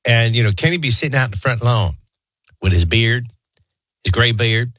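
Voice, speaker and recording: A man hosting a talk show, rambling through childhood anecdotes and a quick sports rundown. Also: mid-range voice, fairly bright tone, no echo. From New Orleans area. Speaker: talk radio host. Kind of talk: casual storytelling and sports rundown.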